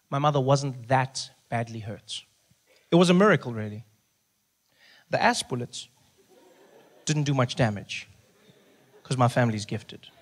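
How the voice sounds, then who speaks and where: A man with a South African accent telling a stand-up story, acting out every character's voice in an animated way. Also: medium pitch. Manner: animated, acts out voices in his stories. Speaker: stand-up comedian.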